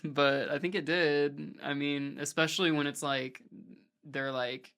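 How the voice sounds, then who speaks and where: A man's voice: a little high, steady tone, measured pace, a bit bright, clear, resonant tone. A man chatting casually as a podcast guest, rambling and filling almost every phrase with "like". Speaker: podcast guest, hardcore vocalist. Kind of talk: casual conversation.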